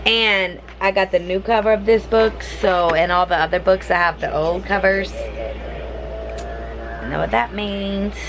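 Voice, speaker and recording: A woman's voice: medium pitch, fairly even intonation, normal speed, few pauses, rough recording. Chatty, gushing woman book vlogger. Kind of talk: casual book chat. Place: home, indoors.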